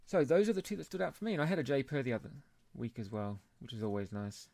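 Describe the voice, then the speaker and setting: A chatty man co-hosts a beer podcast in casual chat. His pitch rises and falls a lot. The room is dry and close-miked. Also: sing-song, quick pace, vocal fry, darkish tone, no echo. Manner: chatty, laughs often, puts on joke accents. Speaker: podcast co-host.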